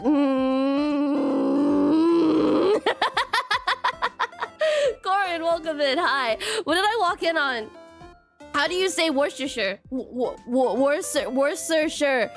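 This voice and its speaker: A woman's voice: sits high, lively intonation, takes it slowly, pauses often, a bit bright, soft background music. A woman streamer chatting casually with her viewers, giggling and stumbling over words as she laughs at herself. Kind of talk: casual live-stream chat.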